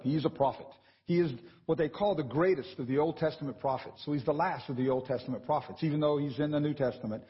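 A man preaching a sermon in a church, animated and conversational, often checking in with the congregation. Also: medium pitch, in a large hall, highs cut off. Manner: animated and conversational, with frequent "right?" asides.

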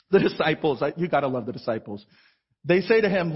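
A man with a high, husky voice preaching in a large cathedral. He talks in a relaxed, conversational way and acts out the voices from the story. The sound is dull and rings with a long church reverb. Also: fairly quick. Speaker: pastor. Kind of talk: sermon.

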